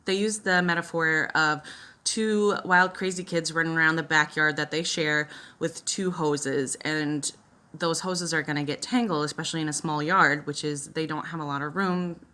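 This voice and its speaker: A woman's voice: deep voice, fairly even intonation, normal speed, sharp tone. A woman chatting casually through a makeup tutorial while telling a personal story, rambling with lots of "like" and "you know". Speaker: beauty vlogger and mother.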